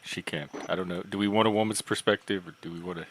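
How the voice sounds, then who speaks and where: A man's voice: on the low side, fairly even intonation, quick pace, vocal fry, a crowd in the background. A man hosting a casual online panel, asking questions and steering who joins. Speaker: host.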